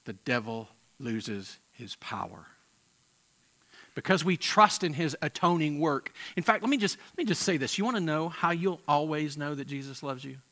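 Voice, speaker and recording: A man preaching a sermon with passion, swinging from loud emphatic peaks to quiet, intense moments and often repeating words as he restarts phrases. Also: on the high side, lively intonation, normal speed. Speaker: pastor.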